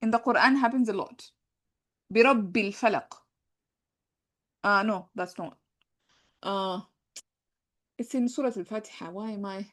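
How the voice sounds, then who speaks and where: A woman's voice: medium pitch, unhurried, long pauses. A woman teaching an Arabic grammar lesson who repeats her points and often corrects herself mid-sentence. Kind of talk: explanatory classroom lesson.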